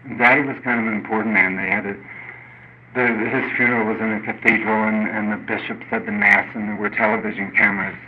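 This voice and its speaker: An older man speaking at a recovery meeting, telling a personal story in an earnest, halting way with many restarts. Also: on the low side, fairly even intonation. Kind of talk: personal testimony. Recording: dull lo-fi recording with faint noise.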